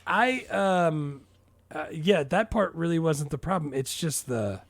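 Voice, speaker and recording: A man's voice: a little high, animated, unhurried. A man who works as a teacher, co-hosting a casual movie podcast and tossing in jokey asides with frequent laughs. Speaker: podcast co-host.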